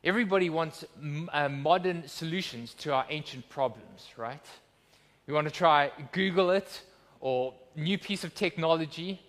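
A man's voice: a little high, normal speed, a bit bright, long reverb tail. A man preaching a sermon as pastor, earnest and emphatic, with rhetorical questions. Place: church.

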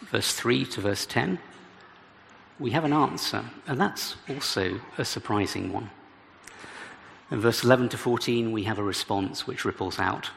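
A man with a low, gravelly voice delivers an expository sermon, reading scripture and giving it dramatic weight. His voice rings with the long reverb of a church hall, and faint noise sits under it. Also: unhurried, fairly bright tone. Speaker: preacher.

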